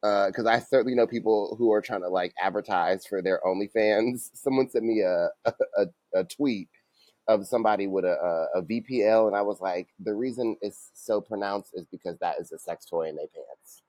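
Giggly low-voiced male podcast co-host. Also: moderate pace, darkish tone, no echo. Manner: giggly, rambling, profane. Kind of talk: casual chat.

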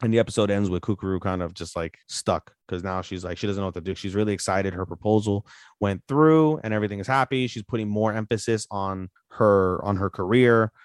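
A man's voice: lowish voice, a little fast, dry recording, clean studio sound. A man co-hosting a podcast, recapping anime episodes in a loose, rambling way full of "like" fillers and casual swearing. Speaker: podcast co-host.

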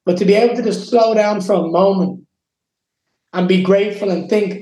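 An intense young Irish man with a high voice, speaking with raw emotion and plenty of swearing. He sounds like he is in an echoey room. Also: fairly even intonation, moderate pace, dark tone. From Ireland. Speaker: guest fighter. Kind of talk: casual interview.

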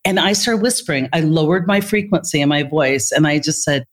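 Lively woman telling stories as a guest. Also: sits low, quick pace, few pauses. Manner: animated storyteller who acts out quoted dialogue. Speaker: interview guest, therapist and speaker. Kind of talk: storytelling in conversation.

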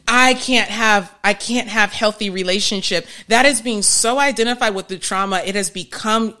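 Woman therapist, live-stream teacher; bright, forceful tone, emphatic with frequent restarts. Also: medium pitch. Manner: emphatic, restarts often, laughs at herself.

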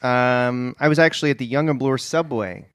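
A man's voice: mid-range voice, moderate pace, a bit bright, no room sound, clean studio sound. A man co-hosting a comedy podcast, playing along and telling his own tall tales matter-of-factly. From Toronto, Canada. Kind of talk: improvised comedic banter.

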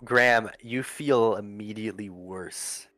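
Low-voiced man running a tabletop game. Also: a little slow, pushed and bright, dry recording, soft background music. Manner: casual, rambling with many fillers and restarts. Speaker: game master.

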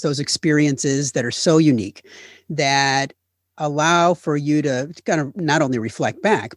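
A man's voice: a little high, no room sound, studio quality. Man asking long earnest questions. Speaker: host. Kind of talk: interview questions.

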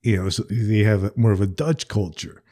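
An American man hosts a relaxed chat in a mellow, lowish voice. He talks loosely, with "like" and "you know" scattered through his sentences. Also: fairly quick. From New Jersey, United States. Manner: relaxed, says "like" often. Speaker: podcast host. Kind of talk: casual chat.

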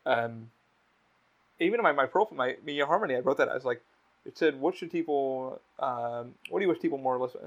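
Fast-talking, swearing young man. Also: mid-range voice, animated. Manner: heavy swearing, rambling storytelling. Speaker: podcast host. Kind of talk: casual podcast chat. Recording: dull lo-fi podcast audio.

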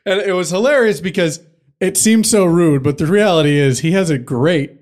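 A man's voice: high-pitched, moderate pace, a little mellow. Rambling young man chatting. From United States. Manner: rambling, loses his train of thought, swears casually. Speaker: podcast co-host. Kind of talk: casual chat.

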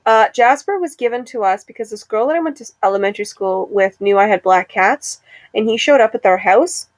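A young woman chatting casually as a podcast co-host, playful and quick to laugh. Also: mid-range voice, no room sound. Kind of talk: casual chat.

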